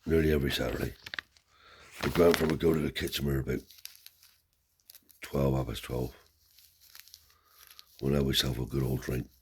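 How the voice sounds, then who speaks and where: A man's voice: very deep voice, little pitch movement, normal speed, pauses often, a little hiss or hum. A man telling a family story in a rambling, casual way, slipping in Romani cant words and tag questions. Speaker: storyteller and channel host.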